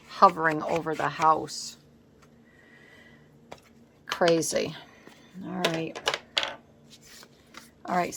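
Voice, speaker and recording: A woman's voice: fairly low pitch, noisy background. A woman talking casually at her craft table at home, thinking aloud as she works, recorded by a camera set on the table. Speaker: scrapbooking vlogger. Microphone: camera set up on the work table.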